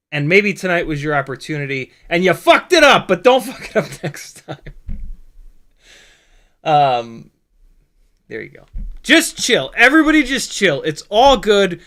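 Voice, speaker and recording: A man's voice: on the high side, pushed and bright. A man hosting a casual live stream, rambling and jokey, swearing freely and stumbling over his words.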